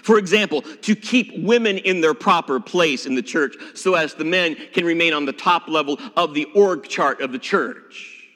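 A man preaching a sermon as pastor, emphatic and expressive, dropping at times to a hushed voice. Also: a little high, normal speed, few pauses, in a large hall. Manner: expressive, emphatic preaching with dramatic drops to a hush.

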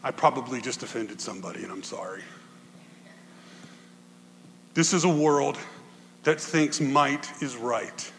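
A male pastor preaching a conversational sermon to his congregation, swinging from loud bursts to quiet asides. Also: moderate pace, creaky, big-room sound, a little hiss or hum. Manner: conversational preaching, animated swings in pitch and volume.

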